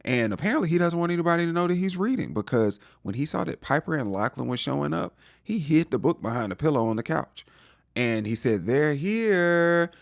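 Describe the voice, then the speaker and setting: A man's voice: a little high, lively intonation, fast talker, vocal fry, no room sound, studio quality. A man giving a casual recap of a TV episode, acting out the characters' lines in playful voices. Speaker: TV recap reviewer.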